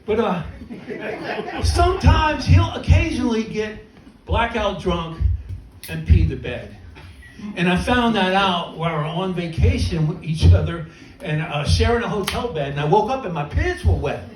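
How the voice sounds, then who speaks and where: A man's voice: high voice, animated, unhurried, a little hiss or hum. A middle-aged man doing a stand-up comedy set, rambling and self-mocking. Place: comedy club stage. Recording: roomy club from a distance with crowd laughter.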